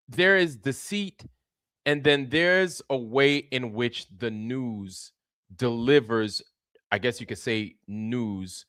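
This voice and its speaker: A man's voice: medium pitch, a bit bright, clear, resonant tone, dry recording, studio quality. A man hosting a casual livestream, greeting viewers by name in a loose, repetitive way with plenty of slang. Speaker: livestream host.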